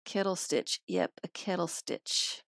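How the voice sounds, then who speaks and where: A woman's voice: on the low side, very animated, measured pace, gravelly, no echo, studio quality. A woman on a live stream, showing a craft and thinking aloud as she works.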